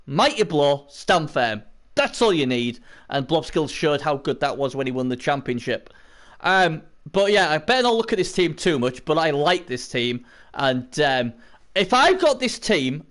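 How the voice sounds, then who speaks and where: A man's voice: fairly high pitch, fairly bright tone. A man giving casual live-stream commentary on a tabletop sports video game, rambling and chatting to viewers between points.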